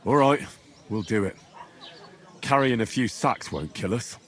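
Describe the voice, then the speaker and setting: A man's voice: medium pitch, unhurried, natural voice. A man playing an earnest young wanderer. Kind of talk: video game dialogue.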